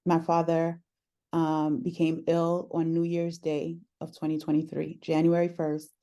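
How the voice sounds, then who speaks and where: A woman talking through a personal story in conversation, earnest and reflective, often pausing with "um". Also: sits low, completely flat delivery, dark tone, smooth. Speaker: podcast host sharing her story as guest.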